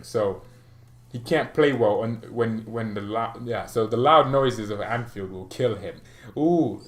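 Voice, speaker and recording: A man's voice: mid-range voice, roomy sound. A man hosting a fan channel, chatting casually on a live stream, joking, ranting and answering viewer comments with frequent laughs. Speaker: football fan channel host.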